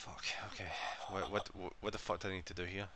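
A man's voice: low voice, fast, noisy background. A man streaming a horror game live, swearing often, counting aloud and talking to himself as he works out the puzzle. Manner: swearing, excitable, talks to himself. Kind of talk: live gameplay commentary.

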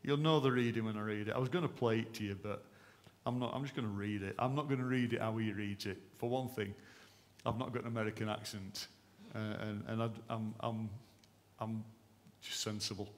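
A man's voice: lowish voice, steady tone, fairly quick. Man preaching a fervent sermon. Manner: impassioned preaching with building, rhythmic repetition. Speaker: pastor. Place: church service.

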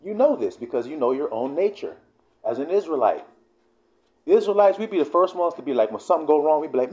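A man leads a casual scripture lesson with a mellow, dark tone. His pitch rises and falls in an animated way. He reads verses slowly, then breaks into blunt, profane explanation. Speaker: Bible teacher. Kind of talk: casual scripture teaching video.

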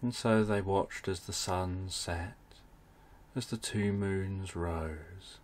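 A man narrating a bedtime story for adults, speaking in a soft, soothing way. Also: low-pitched, fairly even intonation, slow pace, a little hiss or hum.

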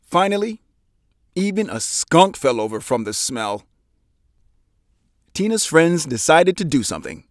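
Animated man reading a picture book. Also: a little slow, long pauses, no room sound. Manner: animated, voices characters with big pitch jumps. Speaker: storybook narrator.

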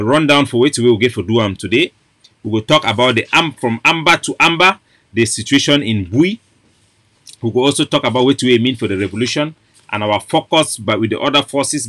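A man's voice: mid-range voice, a bit bright, no echo, studio quality. Fervent Cameroonian man with a Pidgin accent. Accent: Cameroonian Pidgin English. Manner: switches between English and Pidgin, rising into fervent oratory. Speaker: activist host of an online platform. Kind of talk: impassioned political address.

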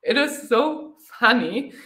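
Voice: mid-range voice, lively intonation, takes it slowly, pushed and bright, echoey room. A travel vlogger with a German accent, chatting through a live Q&A, thinking aloud and laughing readily. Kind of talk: live Q&A chat.

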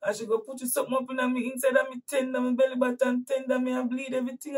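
A woman with a Jamaican accent and a husky voice preaching to her listeners as she tells a painful personal story with emphatic repetition, swinging from hushed to loud. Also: sits high, quick pace, distant mic, poor audio. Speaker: host and preacher.

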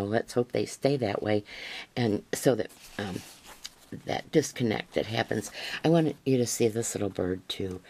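A woman's voice: a bass voice, a little mellow. A woman crafter showing handmade gifts to camera in a casual unboxing chat, gushing and rambling with many fillers.

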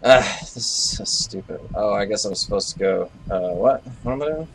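A man's voice: fairly low pitch, animated, moderate pace, slight background noise. A young man giving live commentary on a horror game, jumpy, swearing and scolding the characters on screen. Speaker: let's play gamer.

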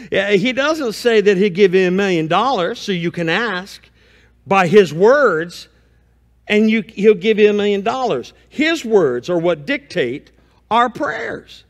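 A man's voice: high voice, animated, a little slow, in a large hall. A male pastor giving a folksy, conversational sermon, mixing home stories with scripture reading. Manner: reads scripture aloud between comments. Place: church sanctuary.

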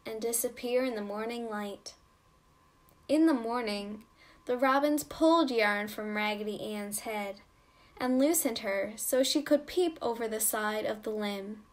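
A woman reading a children's story aloud with slow, gentle storybook narration. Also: a little high.

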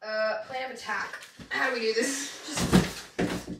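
A young Australian woman chatting casually in a home vlog, bubbly and quick to exclaim. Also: fairly high pitch, fairly even intonation, roomy sound, very noisy. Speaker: vlogger. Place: room at home.

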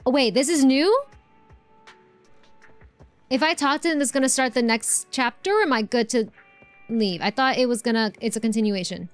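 A woman's voice: fairly high pitch, moderate pace, long pauses, soft background music. A woman live-streaming a game, chatting casually and answering her chat with lots of fillers and restarts.

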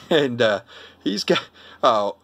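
A man's voice: medium pitch, very animated, very slow, creaky, a bit bright. An older man with a Brooklyn accent, chatting casually in a rambling cooking vlog full of fillers and restarts. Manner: rambling, chatty, lots of fillers and self-interruptions. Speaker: vlogger.

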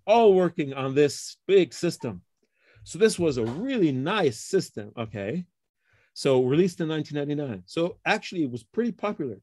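A middle-aged man, a computer science professor, talks through research history in a relaxed interview and often checks in with "okay?" and "huh?". He acts out the colleagues he quotes. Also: a little high, dry recording. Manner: explains with frequent tag questions like okay and huh. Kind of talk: casual interview conversation.

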